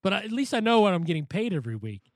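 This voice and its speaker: A man hosting a boxing podcast, ranting in an animated, profane way during casual chat. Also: high-pitched, very fast, dry recording, clean studio sound. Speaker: podcast host.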